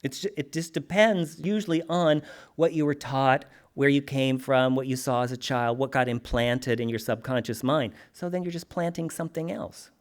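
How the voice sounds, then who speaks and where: A man giving an animated, humorous, conversational spiritual talk to a congregation. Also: medium pitch, normal speed. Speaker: spiritual teacher.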